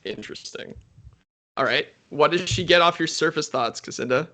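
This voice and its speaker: Bright-voiced man running the game. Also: on the high side, normal speed. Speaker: dungeon master. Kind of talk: game narration and table chat.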